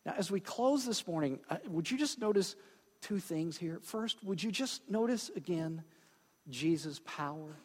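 Guy pastor giving a sermon, talks to the room casually, kinda high voice, echoey church. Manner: conversational preaching with frequent asides and "okay?" check-ins.

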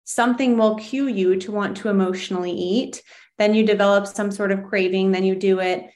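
A woman hosting a podcast, explaining ideas in a thoughtful, gentle way in a casual interview. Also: mid-range voice, fairly even intonation, fairly quick. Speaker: podcast host.

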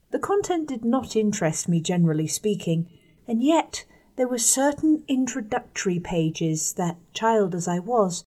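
A woman narrating a first-person story in a measured audiobook reading, letting her voice drop soft on the quiet passages. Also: mid-range voice.

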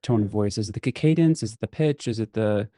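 A man's voice: fairly low pitch, fast talker, dark tone, no echo, clean studio sound. A man hosting an interview, asking thoughtful, probing questions. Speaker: interview host.

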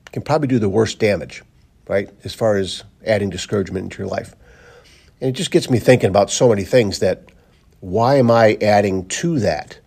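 A man with a low, gravelly voice delivers an earnest, rambling daily pep talk. His tone is husky and rough around the edges, full of fillers and repeated encouragements. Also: darkish tone. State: briefly choked up. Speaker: motivational podcast host, coach. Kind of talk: casual motivational monologue. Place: driving to work, in a car.

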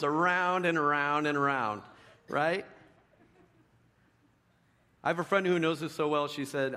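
A middle-aged man preaching a sermon in a conversational storytelling way, dropping to a hush and rising to loud emphasis. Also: fairly high pitch, unhurried, long pauses. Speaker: pastor.

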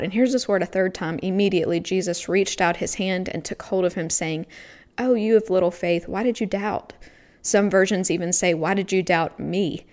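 A woman hosting a devotional podcast, teaching on a scripture passage in an earnest, reflective way with pauses for emphasis. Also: medium pitch, darkish tone.

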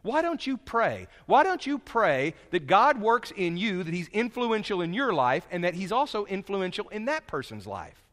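A man preaching a sermon as pastor, animated and then dropping to soft asides. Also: high-pitched, moderate pace. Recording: long hall reverb.

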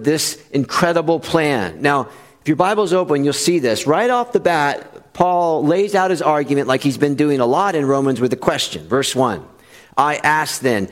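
A pastor preaching an expository sermon, earnest and emphatic, repeating phrases for stress and slowing on key lines. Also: male voice, on the high side.

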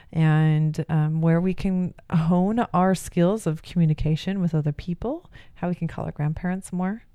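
Woman, middle-aged, low pitch, dry sound, candid rambling monologue. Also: warm tone, clean tone, dry recording. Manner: candid, rambling, with many fillers and restarts. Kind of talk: reflective personal monologue.

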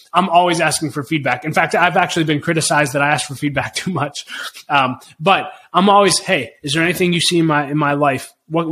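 An earnest middle-aged man hosts a solo podcast with a slightly raised pitch. He speaks in an encouraging, motivational way and often repeats his key points. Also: fairly bright tone. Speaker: podcast host.

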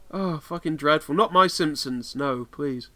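Male British podcast co-host, casual, giggly, rambling, voice a touch higher than most. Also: a bit bright. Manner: rambling, full of fillers and laughter. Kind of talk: casual chat.

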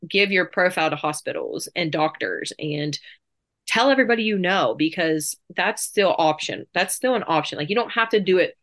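A woman in her thirties telling her story as an interview guest, chatty and quick, with many fillers. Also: on the low side, expressive, a bit bright. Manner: chatty, fast bursts, lots of fillers.

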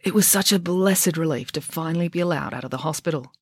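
A woman's voice: sits low, quick pace, no echo, clean studio sound. A woman reading her own children's novel aloud for a podcast, switching between voices for each character.

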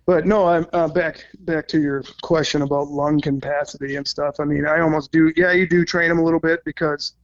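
A Minnesota man who competes in goose calling appears as a podcast guest, chatting casually, rambling a bit, and swearing now and then. His voice is a little high with fairly even intonation, and he talks a little fast with few pauses over dull lo-fi audio.

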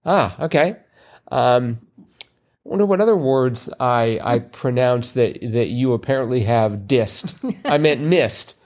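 Man co-host, mid-pitched, easygoing, rambles with fillers and dry puns. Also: measured pace. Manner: relaxed, wordy, many fillers, dry wordplay jokes. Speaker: podcast co-host. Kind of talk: casual chat about crosswords.

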